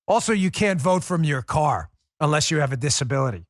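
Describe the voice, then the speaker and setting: A man's voice: on the high side, animated, a little fast, no echo, studio quality. An American man hosting a political podcast, talking sarcastically and laughing often as he mocks. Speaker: podcast host. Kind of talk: political commentary.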